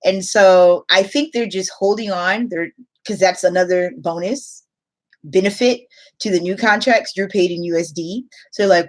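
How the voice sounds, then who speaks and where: A woman's voice: mid-range voice, normal speed. Chatty woman teacher hosting a livestream. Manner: chatty, reads out viewer comments, laughs often. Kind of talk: casual livestream chat.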